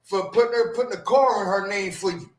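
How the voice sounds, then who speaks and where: A man's voice: high voice, fast, a crowd in the background. A man in a casual podcast discussion who explains things by repeating key phrases. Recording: roomy echo.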